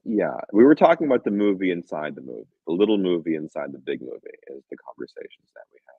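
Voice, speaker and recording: A man, a film director, talking casually in an interview, telling stories with lively quoted voices and frequent laughs. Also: low voice, quick pace, gravelly, breathy edge, dry recording. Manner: animated storyteller, acts out quotes, laughs often. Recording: dull, dry lo-fi sound.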